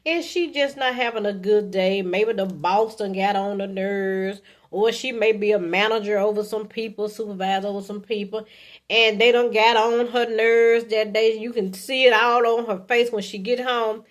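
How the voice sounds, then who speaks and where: A woman's voice: fairly even intonation, moderate pace. A woman in her fifties giving casual relationship advice to camera in a chatty, folksy way, often checking in with okay. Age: 50s. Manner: chatty and folksy, often adding okay, acts out sweet lines to a partner in a high voice. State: coughing from allergies.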